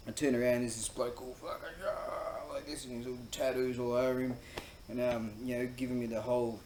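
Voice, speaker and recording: Australian guy, crude rambling storyteller, mid pitch, echoey room with faint hum in the background. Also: fairly even intonation, brisk, a little mellow. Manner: rambling, crude and profane, many fillers, laughs at own story. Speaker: host. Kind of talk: casual storytelling monologue.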